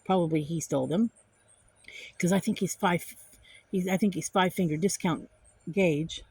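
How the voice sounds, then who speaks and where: A woman's voice: on the low side, normal speed, slightly rough. Indignant woman telling a story. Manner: animated, indignant retelling with repeated phrases. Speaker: vlogger. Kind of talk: casual storytelling vlog.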